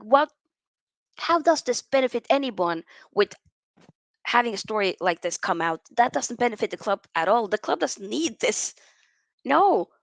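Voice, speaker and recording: A woman hosts a casual livestream and gives her opinions bluntly, in slang. Her voice sits a little high and carries a gravelly fry. The sound is dry, with no room echo. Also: fairly bright tone. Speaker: host reading viewer comments.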